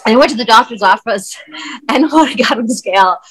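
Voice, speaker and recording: A woman's voice: a little high, brisk, fairly bright tone, poor audio. A middle-aged woman, a wellness coach and podcast guest, telling a personal story candidly and conversationally with casual fillers.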